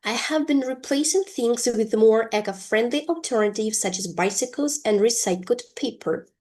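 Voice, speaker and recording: A woman teaching an English lesson, reading example sentences slowly and deliberately. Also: fairly high pitch, a little mellow.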